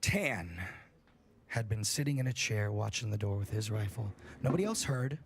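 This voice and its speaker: A young man reading a scary story aloud on a livestream, in a profane, animated storytelling manner. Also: lowish voice, normal speed, slightly rough.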